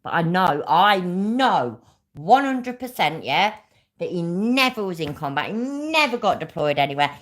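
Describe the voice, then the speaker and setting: A woman's voice: lowish voice, very animated, unhurried. A British woman hosting a livestream, ranting angrily with heavy swearing and answering chat viewers by name. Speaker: livestream host. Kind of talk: casual livestream rant.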